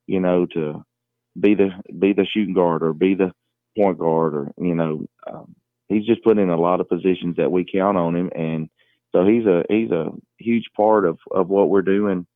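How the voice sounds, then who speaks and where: A middle-aged man, a high school basketball coach, talking in a phone interview with many fillers and restarts. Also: fairly even intonation, moderate pace, no room sound. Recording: tinny phone line.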